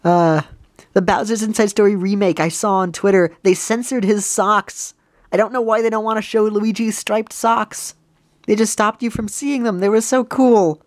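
A woman's voice: lowish voice, normal speed, no room sound, clean studio sound. A woman hosting a let's play, chatting casually with giggles and self-deprecating asides. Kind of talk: casual gameplay commentary.

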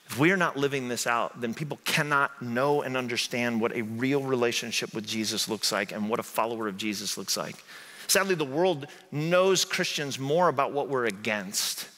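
A man's voice: mid-range voice, pushed and bright. A male pastor from southern Indiana preaching a conversational sermon in a church, often asking "right?". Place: church sanctuary. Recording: echoey sanctuary hall.

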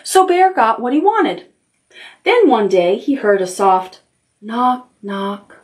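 A children's librarian reading a picture book aloud to preschoolers, gentle and expressive, pausing to comment to the children. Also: female voice, on the high side.

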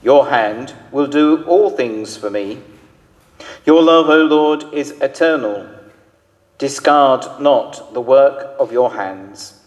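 Slow solemn male lector in church. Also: medium pitch. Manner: measured, solemn reading. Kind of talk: liturgical scripture reading. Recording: reverberant church hall.

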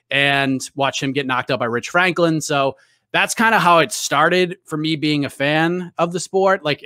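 A man's voice: fairly high pitch, bright, forceful tone, dry recording, studio quality. A man with a Boston accent, a guest on a podcast, telling stories in a chatty way with lots of restarts and fillers. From New England, US. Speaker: guest, MMA reporter. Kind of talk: casual podcast interview.

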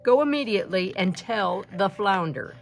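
A woman's voice: medium pitch, expressive, normal speed, vocal fry, faint music behind, voice pushed up. A woman voicing a greedy, domineering fisherman's wife in a storybook read-aloud, with a bossy, demanding manner. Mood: commanding.

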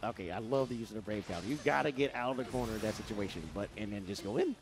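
A man giving playful, excitable live commentary on a fighting game match, acting out the players' thoughts. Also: on the low side, rapid-fire, over music.

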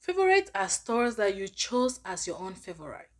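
Woman vlogger, mid pitch, patient step-by-step explainer. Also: very animated, moderate pace. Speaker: finance app reviewer. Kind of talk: tutorial vlog.

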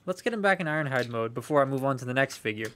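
A man's voice: medium pitch, animated, rapid-fire, fairly bright tone. A young man chatting casually on a live stream while unboxing collectible toys, rambling, swearing freely and answering viewer comments.

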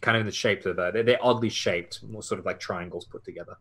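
A man's voice: fairly low pitch, steady tone, quick pace, a bit bright, breathy edge. A man narrating a tabletop horror game as game master, often hesitant and full of fillers.

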